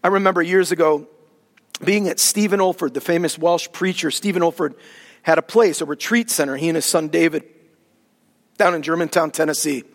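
A man pastor giving a sermon and prayer, animated preaching with casual asides. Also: on the high side, a little fast. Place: church sanctuary. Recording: long reverb of a hall.

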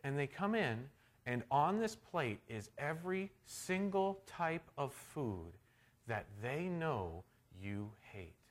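A middle-aged male pastor preaching a sermon, shifting from hushed storytelling to loud, emphatic declarations. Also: on the high side, sing-song, slow.

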